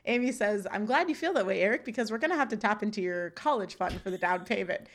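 A woman co-hosting a podcast recaps a sitcom episode scene by scene in casual chat, quoting lines and laughing often. Her voice is medium-pitched, fast, and lively in intonation.

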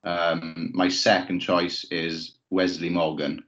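A man co-hosting a podcast, talking in a measured way and building up trivia with pauses and ums. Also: low-pitched, flat delivery, a bit bright, lo-fi sound. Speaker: podcast co-host. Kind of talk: casual podcast banter.

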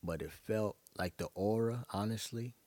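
A young New man with a very low voice, speaking in a dry, close recording. He rambles through a casual monologue, loose and profane, with plenty of filler. He sounds relaxed and conversational. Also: measured pace, no room sound. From Brooklyn, New York. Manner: loose, profane, rambling storytelling with frequent laughs.

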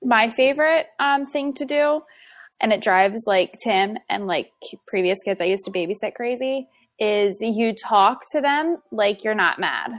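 A young woman talking in a relaxed, chatty way about raising her child. She tells stories in long loose runs full of "like" and breaks into laughter now and then. Her pitch sits in an ordinary middle range. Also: unhurried. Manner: chatty, filler-heavy storytelling with laughs. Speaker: mother discussing parenting. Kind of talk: casual chat.

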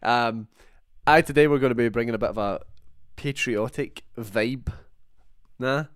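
A young man with a Scottish accent hosts a relaxed film podcast, chatting and laughing easily as he tells stories. His voice sits at an everyday middle pitch. The recording is dry and close, with no room sound. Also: a little slow, no echo. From Scotland. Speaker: podcast host. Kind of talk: casual chat.

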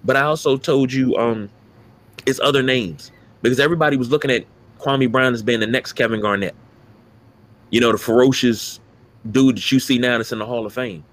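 A man's voice: mid-range voice, fairly quick. A man co-hosting a casual sports talk podcast, emphatic and profane as he rants about players. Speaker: podcast co-host.

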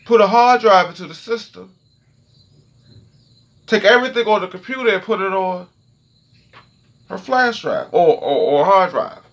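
A high-voiced man speaks at a moderate pace with long pauses, and the recording's highs are cut off. It's his own podcast, a casual solo rant from home: animated, profane, and peppered with "okay?" as he checks in with listeners.

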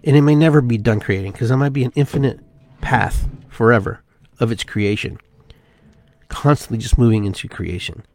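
A man hosting a spiritual podcast, talking in an unhurried, musing way and repeating phrases with shifting inflection. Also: medium pitch, a little mellow, dry recording. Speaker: podcast host. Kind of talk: reflective spiritual monologue.

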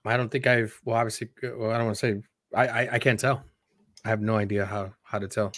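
A man's voice: lowish voice, quick pace, no room sound. Laid-back bilingual man, dry close sound. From Chicago area. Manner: relaxed, rambling, swears, mixes in Spanish. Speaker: podcast co-host. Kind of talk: casual chat.

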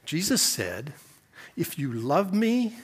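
High-voiced male pastor preaching. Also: sing-song, slow, slightly rough. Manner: swings between quiet reflection and emphatic preaching; repeats and restates phrases for emphasis. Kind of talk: sermon.

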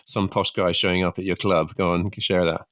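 Brief: male host, very low voice, encouraging and brief. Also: level tone, fairly quick, a bit bright. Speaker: podcast host. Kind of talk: interview prompting.

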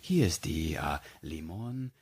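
A man voicing a huge, gentle German male sauna master with a German accent and a quiet little voice, in an echoey sauna. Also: a bass voice, expressive, slow, very noisy, voice pushed down, full character voice.

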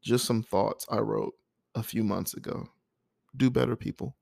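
A man, a father, reading his own poems and talking through painful holiday memories in a halting, heartfelt way with sighs and restarts. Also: on the low side, steady tone, creaky, darkish tone, no room sound, clean studio sound. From United States. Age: adult, a father. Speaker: poet sharing his poems. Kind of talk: emotional spoken-word reading and personal reflection.

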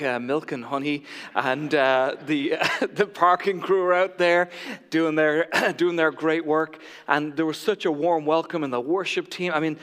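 High-voiced joking male pastor. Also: a bit bright, long reverb tail. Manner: jokey, self-mocking storyteller. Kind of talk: sermon. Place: church sanctuary.

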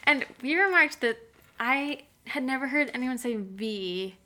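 A young woman co-hosts a casual podcast chat. Her voice sits a little high and rings bright and clear. She giggles often and lets her sentences trail off. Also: expressive, measured pace. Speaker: podcast co-host.

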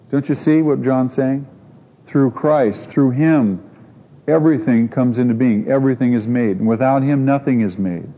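A man preaches a sermon in a mellow, dark voice, earnest and emphatic, turning often to rhetorical questions. The sound is muffled and lo-fi, carried by a long reverb from a large hall. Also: medium pitch.

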